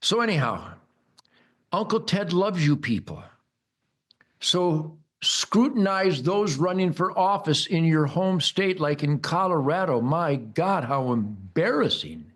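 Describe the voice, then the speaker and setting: An older American man hosting a rambling, mocking political monologue, bombastic and loud, with sudden high-pitched outbursts. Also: lively intonation, slow pace. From United States. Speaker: host.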